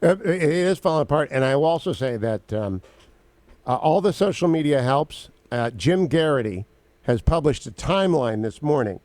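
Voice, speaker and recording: A man hosting a political talk radio show, briskly laying out his opinions point by point into a studio mic. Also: medium pitch, a little mellow, no echo.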